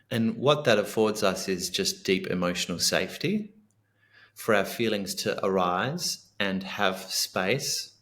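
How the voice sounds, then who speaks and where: A man's voice: on the low side, lively intonation, a little slow, a bit bright. A middle-aged man, a guest author and coach in a podcast interview, talking earnestly and reflectively and acting out sample lines of dialogue.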